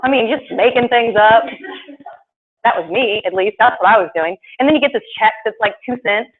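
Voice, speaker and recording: Woman, animated presenter, sales talk, live audience, tinny lo-fi sound. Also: fairly high pitch, fairly quick. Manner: chatty and animated, acts out quoted voices. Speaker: product presenter. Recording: tinny phone-like live stream, faint noise.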